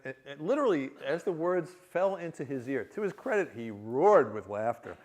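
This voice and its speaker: A male author from New York City gives a public reading, telling a comic, self-deprecating story to an audience and restarting often. His medium-pitched voice is sing-song and slow, with long pauses and background noise.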